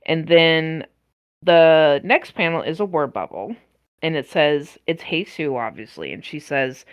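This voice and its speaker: A woman's voice: low voice, lively intonation, unhurried, clean tone, highs cut off. A woman co-hosting a podcast in casual chat, reading comic dialogue aloud in a laid-back way. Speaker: podcast co-host.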